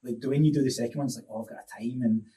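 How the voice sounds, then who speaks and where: Mellow man, rambling. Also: medium pitch, steady tone, very fast, distant mic, rough recording. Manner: reflective, rambling storytelling. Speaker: podcast guest, fitness coach. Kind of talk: casual podcast chat.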